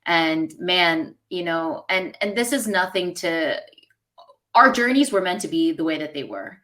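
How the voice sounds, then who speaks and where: A woman's voice: lowish voice, animated, measured pace, sharp tone. Earnest New woman hosting a podcast. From New York. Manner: earnest and reflective, with many "like"s and "you know"s. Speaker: podcast host. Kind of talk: casual podcast conversation.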